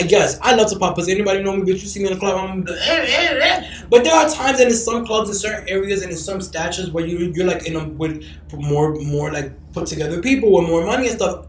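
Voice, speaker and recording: This young adult podcast host, based in Los Angeles, has a high-sitting voice and chats casually in a brash, profane way, punctuated by mocking shrieks. The poor audio is reverberant, with a little hiss or hum.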